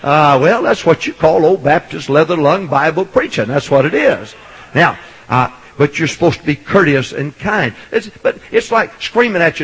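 A middle-aged man preaching a sermon as a Baptist pastor, swinging from loud hollering to soft storytelling. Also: a little high, moderate pace, slightly rough, low-quality recording.

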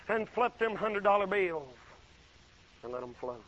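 A man preaching a folksy sermon, swinging from loud exclaiming to low murmured asides. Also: animated, moderate pace, highs cut off, slight background noise.

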